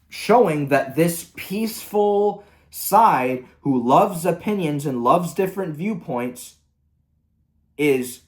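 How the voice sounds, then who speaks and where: Exasperated man ranting with lively pitch. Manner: angry, profane, exasperated. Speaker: commentary host. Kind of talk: ranting commentary.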